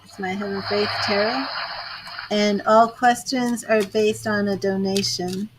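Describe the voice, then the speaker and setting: A woman's voice: mid-range voice, steady tone, unhurried, background noise. An older woman giving tarot readings on a live stream, chatting with viewers by name. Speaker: tarot reader.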